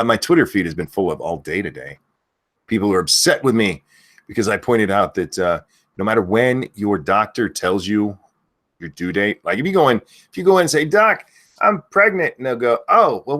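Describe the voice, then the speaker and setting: A man with a low voice hosts a live stream and talks loosely, with lots of swearing. His pitch swings widely, and he rambles from one thing to the next before breaking off to shout out viewers' names. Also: animated, a little fast. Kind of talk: casual live-stream rant.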